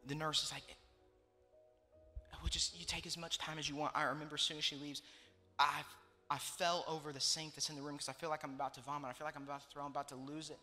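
Bright-voiced young pastor in a reverberant hall. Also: male voice, fairly high pitch, little pitch movement, fast, faint music behind. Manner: emotional storytelling, repeating phrases for emphasis. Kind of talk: sermon.

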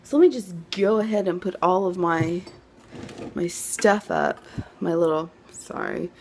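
A woman's voice: fairly low pitch, big pitch swings, measured pace, a little mellow, slight background noise. A young woman chatting casually to her phone camera at home, rambling with lots of fillers. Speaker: vlogger. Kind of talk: casual vlog chat.

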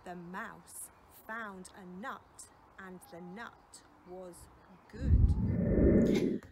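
A woman teacher reading a storybook aloud in a slow, hushed way. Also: lowish voice, steady tone, heavy background noise.

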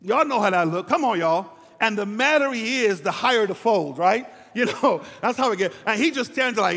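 A man's voice: sits high, lively intonation, moderate pace, a bit bright, big-room sound. An older man, a pastor, preaching a sermon in a conversational way, with asides to the congregation.

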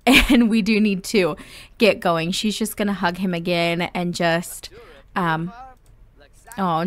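A woman's voice: fairly low pitch, no echo. A woman casually narrating a life-simulation game, chatty and full of ums. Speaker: gameplay narrator.

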